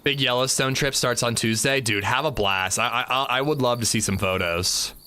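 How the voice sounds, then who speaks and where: A man streaming a game, chatting in a relaxed way and answering his chat. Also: mid-range voice, moderate pace. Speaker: gaming streamer. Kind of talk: casual livestream chat. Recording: game ambience loud behind voice.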